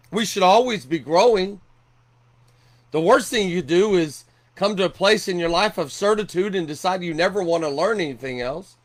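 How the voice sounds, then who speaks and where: A man's voice: high voice, a bit bright. A middle-aged man preaching a sermon earnestly, often repeating and restarting his words. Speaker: pastor.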